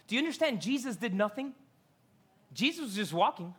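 A preacher delivering a sermon from a stage, telling the story in an animated way, full of rhetorical questions and casual slang. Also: mid-range voice, normal speed, husky.

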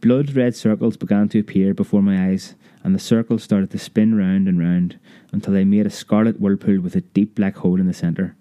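A man narrating a memoir audiobook in a measured, vivid storytelling manner. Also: deep voice, steady tone, warm tone, no echo.

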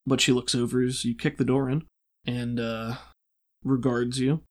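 Man, game master, casual narration, mid-pitched voice, descriptive, filler words. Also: normal speed. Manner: descriptive, relaxed, many fillers.

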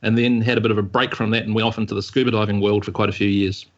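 Low-voiced New Zealand man in his forties. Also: little pitch movement, dull audio. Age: 40s. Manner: easygoing and measured, with hesitant ums. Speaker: podcast guest. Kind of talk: casual interview answers.

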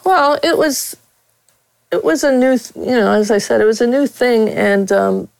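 A woman's voice: on the high side, moderate pace, vocal fry, no echo, rough recording. A middle-aged woman from Pittsburgh, a veteran sportswriter, telling frank stories with a blunt, candid manner as an interview guest.

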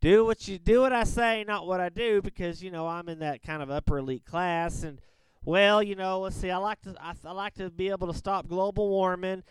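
A man plays a crude, bragging rich caller with a fake Southern drawl. The voice sits high and sounds very clear and smooth, recorded dry and close. He rambles in a folksy, boastful way. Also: brisk, no room sound, close to an everyday voice. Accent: fake Southern American drawl. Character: brash rich man caller, going through divorce. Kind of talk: comedic prank call-in sketch.

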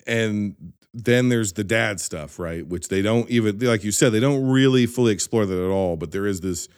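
Low-voiced man leading a movie chat. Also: moderate pace, darkish tone, smooth, no room sound, studio quality. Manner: conversational, leads the questions. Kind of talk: casual movie discussion.

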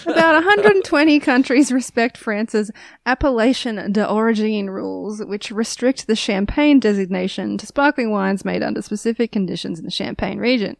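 A woman's voice: medium pitch, normal speed, gravelly, no echo. A woman hosting a casual chat show, reading news items aloud with amused, laughing asides. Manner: amused, breaks into frequent laughter. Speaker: podcast host reading news.

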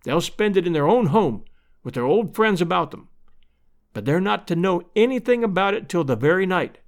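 A man's voice: high voice, expressive, normal speed. A man voicing a kind, jovial returned westerner with folksy rural speech in a storybook reading. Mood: warm.

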